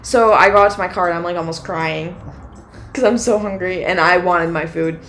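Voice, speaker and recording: A young woman with a fairly low voice co-hosts a podcast, recounting a lengthy story at a moderate pace with a bit of hiss or hum in the audio. She's an animated storyteller who voices each party in the exchange and leans heavily on "like."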